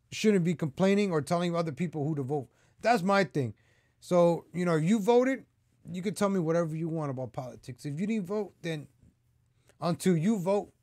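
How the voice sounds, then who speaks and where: A man's voice: high-pitched, darkish tone, no room sound, studio quality. A man hosting his own political commentary vlog, talking straight to his viewers in a heated, repetitive rant. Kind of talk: ranting opinion vlog.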